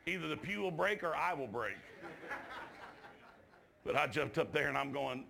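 A gravelly, bright-toned male preacher with a drawl tells a revival story in church. His voice sits a touch high and climbs to shouts at the peaks. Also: expressive, moderate pace, pauses often, a little hiss or hum. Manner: shouts climaxes, drawls folksy asides.

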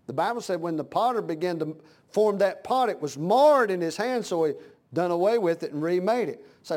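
A man preaching a sermon in a fervent, folksy way that swells from plain talk into loud, impassioned cries. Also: high-pitched, expressive, a little fast.

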